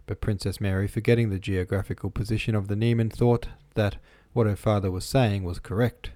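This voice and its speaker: A man narrating an audiobook in a measured, even reading voice, recorded close to the microphone. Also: fairly low pitch, no echo.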